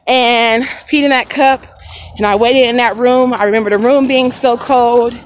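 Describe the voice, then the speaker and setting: Woman, vlogger, high voice, frank and chatty, talks straight to viewers, outdoors by a lake. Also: steady tone, unhurried, slight background noise, poor audio. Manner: frank and conversational, addresses viewers directly. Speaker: family vlogger. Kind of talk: candid personal storytelling.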